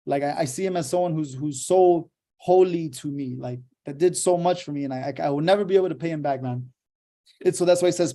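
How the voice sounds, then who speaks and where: A young man from Houston speaks in a fairly high voice with a warm, mellow tone. He talks about his life as a lawyer in a casual, profane and emphatic way, driving each point home. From Houston, Texas. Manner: profane, emphatic, fired-up storytelling. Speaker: lawyer giving a motivational talk. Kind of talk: casual motivational talk.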